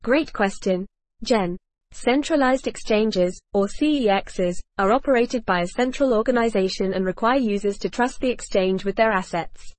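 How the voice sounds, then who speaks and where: A woman's voice: medium pitch, moderate pace, darkish tone, no echo. Dry, evenly read woman podcast host. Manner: polished, evenly read, reads cue notes aloud. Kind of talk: scripted podcast discussion.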